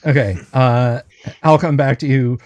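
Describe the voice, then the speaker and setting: A man running a tabletop game livestream as game master, slowly describing what the players find, with lots of hesitant fillers and restarts. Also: medium pitch, fairly even intonation, darkish tone, no echo, dull audio. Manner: describes items slowly and carefully.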